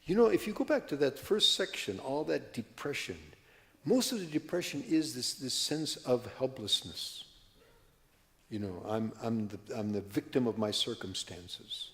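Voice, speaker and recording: A man's voice: mid-range voice, expressive, a little slow. A man in his seventies from California, telling stories with many tangents and restarts as a workshop speaker in a mosque. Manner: rambling, prone to tangents and restarts. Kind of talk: storytelling talk. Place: mosque hall. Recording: long hall reverb.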